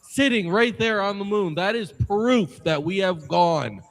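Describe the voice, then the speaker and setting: A man's voice: sits high, lively intonation, unhurried, creaky. A man co-hosting a casual podcast, reading out dates and agreeing. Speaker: podcast co-host.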